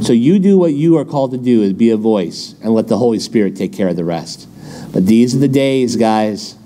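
Californian guy pastor preaching, fairly high voice, bit of background hiss, exhorting folksy. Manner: animated, exhorting, folksy asides. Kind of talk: sermon.

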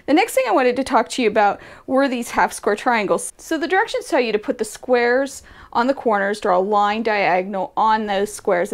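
A woman hosting a casual sewing tutorial, chatting and thinking aloud as she works, with a self-deprecating, friendly way of talking. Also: mid-range voice. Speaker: quilting channel host.

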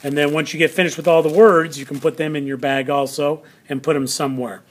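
A man's voice: on the high side, fairly even intonation, fast talker. A man teaching a classroom lesson on video, patient and explaining step by step, repeating key words for emphasis.

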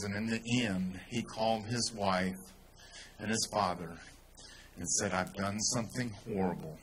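A man's voice: on the low side, a little slow, slight background noise. Texan man giving a rally speech. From Texas. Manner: storytelling, rising to loud emphatic peaks. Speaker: speaker at a rally. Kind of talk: speech to an outdoor crowd.

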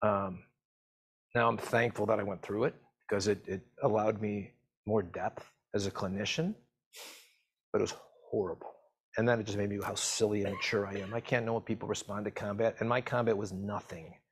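A middle-aged man with a low, husky voice tells a story from his work. His telling is halting and emotional, and he speaks as a physician assistant who teaches other clinicians. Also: fairly even intonation. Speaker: physician assistant and medical educator. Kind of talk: personal story told to camera.

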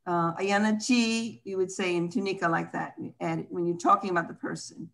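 A woman's voice: on the low side, fairly even intonation, brisk, vocal fry, a bit bright. A woman teaching an online language class, patiently explaining step by step over a video call.

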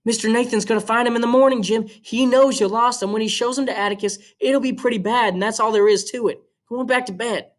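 A man voicing a young tomboy girl who pleads desperately in a raised, high voice. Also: steady tone, quick pace, hardly any pauses. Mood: pleading.

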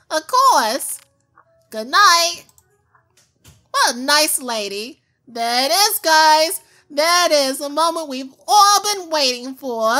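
A woman with a high, bright voice commentates a game at a relaxed pace. She is goofy and self-mocking, chatting playfully as she plays. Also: takes it slowly. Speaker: gaming YouTuber.

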